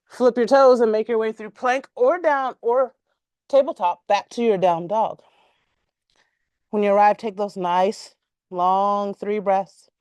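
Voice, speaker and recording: A woman teaching a yoga class, giving calm, measured cues timed to the breath and stretching out repeated words. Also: a little high, no room sound. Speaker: yoga instructor.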